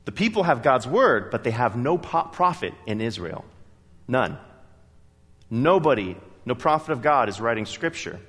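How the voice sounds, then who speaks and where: A man preaching a sermon in a church, telling stories in a lively, emphatic way. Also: medium pitch, normal speed, breathy edge, big-room sound. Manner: animated storytelling, emphatic. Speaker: pastor. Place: church sanctuary.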